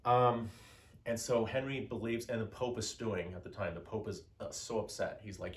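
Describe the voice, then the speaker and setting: A man's voice: lowish voice, a little fast. A man giving a casual history lecture, telling the story conversationally with many fillers and acting out quoted lines. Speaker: teacher.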